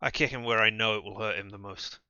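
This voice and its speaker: A man streaming a game, reading its first-person narration in a calm, low-key way. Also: quick pace, clean tone, no echo, dull audio.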